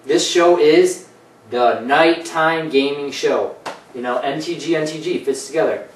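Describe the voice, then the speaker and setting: A man's voice: a little high, a little slow, a little hiss or hum. A man hosting a casual comedy gaming show, rambling and jokey, often slipping into put-on voices. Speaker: host. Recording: echoey room, mic at a distance, faint ambience.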